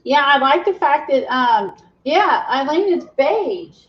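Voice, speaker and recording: A woman's voice: sits high, sing-song, slow, highs cut off. A woman hosting a craft livestream, chatting casually, laughing often and reading the live chat.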